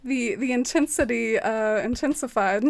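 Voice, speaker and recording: A woman's voice: a little high, a little slow, gravelly. A young woman streaming casually, giggling and cooing at her cat, with music playing behind her. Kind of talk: casual livestream chat.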